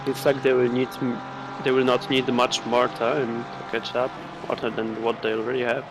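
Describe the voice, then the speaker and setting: A man with a middle-pitched voice co-commentates a sim race. He chimes in with short, dry, joking remarks. Loud race car noise runs behind him. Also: little pitch movement, moderate pace. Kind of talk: live sim racing commentary.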